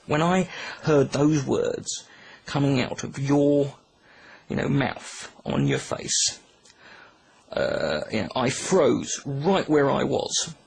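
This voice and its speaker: Deadpan British man in a mock rant. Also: medium pitch, slow pace, creaky, slightly rough, low-quality recording. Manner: mock-angry, deadpan, comically overblown. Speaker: YouTuber. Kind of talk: deadpan comedic rant to camera.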